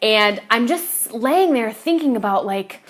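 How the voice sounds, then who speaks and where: A woman's voice: a little high, animated, unhurried. A woman fitness coach talking to camera in a casual confessional vlog, rambling with fillers and restarts and swearing casually.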